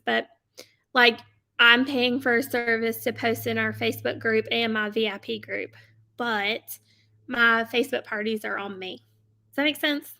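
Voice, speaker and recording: High bright-voiced woman coaching casually. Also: vocal fry. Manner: chatty, tags nearly every sentence with "okay?"; upbeat and laughing often. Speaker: host coaching online sellers. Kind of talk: casual live-stream coaching. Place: home office at a desk.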